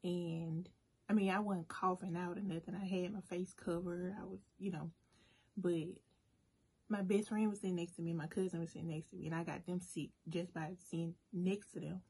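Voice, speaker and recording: Husky-voiced woman telling a story. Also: on the low side, normal speed. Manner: chatty, animated storytelling, addresses viewers as y'all. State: emotional at moments, briefly choked up. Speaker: food vlogger. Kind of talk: casual storytime while eating.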